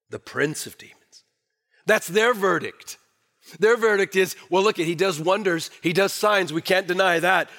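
A male pastor preaching a sermon, swinging from emphatic declarations to hushed, low asides.

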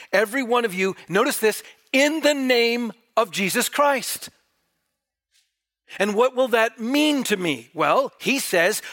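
A man's voice: high voice, sharp tone. A man preaching a sermon, reading scripture aloud and pressing the congregation with emphatic rhetorical questions.

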